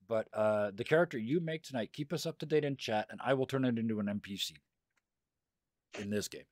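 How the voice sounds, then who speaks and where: A man's voice: medium pitch, a little fast, a little mellow, no room sound, studio quality. A man running a tabletop game, casually explaining the rules in a rambling way and laughing often. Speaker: game master.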